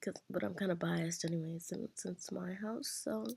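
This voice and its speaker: A teenage girl hosting a casual build commentary, her voice hoarse from just waking up, rambling along in a chatty, self-deprecating way. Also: on the low side, steady tone, moderate pace, background noise. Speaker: Sims builder channel host.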